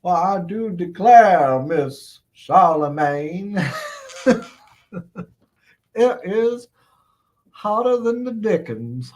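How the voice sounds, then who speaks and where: A man voicing a genteel, theatrical southern gentleman with an exaggerated put-on Southern US drawl. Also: sits high, lively intonation, extremely slow, pauses often, pitched above the performer's own voice, full character voice. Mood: mock genteel.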